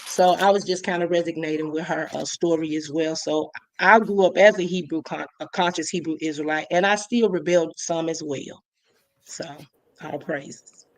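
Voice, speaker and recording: A woman from Illinois giving a personal testimony in a halting way, full of fillers and restarts. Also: low voice, fairly even intonation, no room sound. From Illinois, USA. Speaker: guest.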